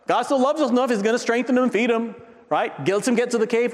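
A man preaching a sermon in a conversational way, tossing in "right?" and swinging from loud peaks down to a near-whisper. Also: high-pitched, sing-song, fast, in a large hall. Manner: frequent tag question "right?". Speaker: pastor.

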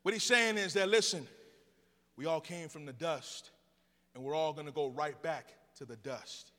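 A man's voice: on the high side, moderate pace, pushed and bright, big-room sound. A man preaching a sermon in a church, joking with the congregation and drawing answers back from them. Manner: call-and-response with the congregation; playful storytelling. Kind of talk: sermon with jokes.

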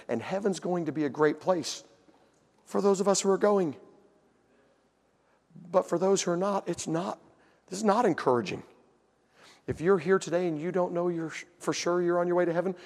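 A man preaching from the pulpit, his higher voice carrying a long church-hall reverb. He tells his story plainly and then climbs to forceful, shouted emphasis. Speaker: pastor. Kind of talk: sermon.

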